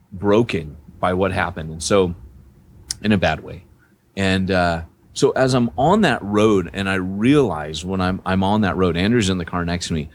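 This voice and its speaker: Deep-voiced man telling a story. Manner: rambling, animated storytelling with frequent restarts. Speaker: podcast co-host, church planter. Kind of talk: casual storytelling on a podcast.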